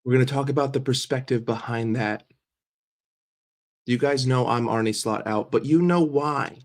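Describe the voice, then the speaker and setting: Congested guy on a stream, talks to chat by name, mid pitch, repeats himself a lot. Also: normal speed. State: sick and congested. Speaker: livestream host. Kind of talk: casual livestream chat.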